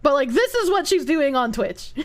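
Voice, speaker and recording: High-voiced, giggly woman streamer. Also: sing-song, normal speed. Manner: giggly, swears often, reads chat. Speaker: livestreamer. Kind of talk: casual chat.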